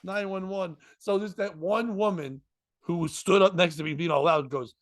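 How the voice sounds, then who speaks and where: A comedian telling a story in casual chat, slipping into voices and laughing often. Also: male voice, sits high, normal speed. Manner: animated, jumps into voices and laughs.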